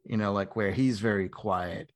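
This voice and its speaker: Man, low voice, casual podcast co-host, blunt opinions, laughs while talking. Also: normal speed. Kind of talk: casual film chat.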